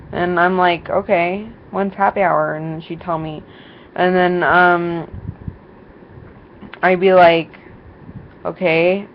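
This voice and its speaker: A young woman rambles through a story to her camera, full of "um" and "like", acting out what everyone said. Her voice sits at a middle pitch and comes slowly. The recording is dull and lo-fi with a faint hiss behind it. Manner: rambling, many fillers and quoted voices. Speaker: vlogger. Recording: dull lo-fi sound with faint noise.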